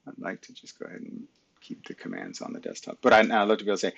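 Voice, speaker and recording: Middle-aged man, live stream host. Husky, very low voice, mutters to himself while working the computer. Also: wildly swooping pitch, racing, a bit bright, dull audio. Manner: mutters to himself and talks back to his computer. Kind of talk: casual screen-share talk. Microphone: webcam mic.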